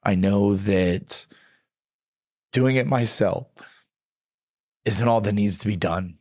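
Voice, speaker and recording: A middle-aged man with a low voice recounts a personal testimony as a podcast guest. He acts out the lines people said to him and trips over repeated words when the story gets emotional. The sound is close and dry. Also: takes it slowly, pauses often, no room sound. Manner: animated storyteller, acts out quoted dialogue, stammers when emotional.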